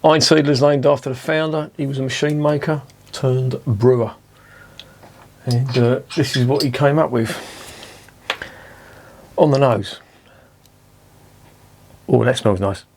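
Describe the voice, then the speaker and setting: A man's voice: medium pitch, measured pace, pauses often, darkish tone. A man casually reviewing a beer at home, chatty and self-mocking, swearing freely. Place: indoors at home with curtains drawn.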